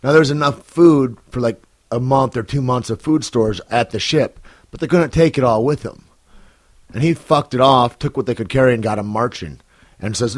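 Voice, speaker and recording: A man hosts a casual podcast with a mid-pitched voice. He tells stories earnestly and with growing energy, often restarting with "and, and" before pressing on. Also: brisk, no echo. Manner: earnest, animated storytelling with many "and, and" restarts. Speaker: podcast host. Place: comedy club.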